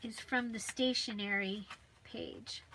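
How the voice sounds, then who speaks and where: A woman's voice: mid-range voice, steady tone, takes it slowly, bright, forceful tone, a little hiss or hum. A woman hosting a live crafting video, chatting and thinking aloud as she works at her table.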